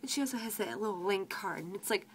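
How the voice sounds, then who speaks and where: A woman's voice: mid-range voice, animated, quick pace, husky, poor audio. A teenage girl working as a grocery cashier, ranting sarcastically about rude customers and swearing freely. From United States. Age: teens. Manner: exasperated, sarcastic, swears freely, quotes customers in mocking voices. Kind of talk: venting vlog rant.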